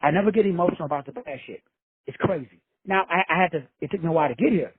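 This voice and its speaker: Man, motivational talk, high-pitched, husky, dry tinny phone-line sound. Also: very fast, dry recording. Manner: preachy, addresses listeners as brothers and sisters; casual, with frequent swearing. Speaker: self-help speaker.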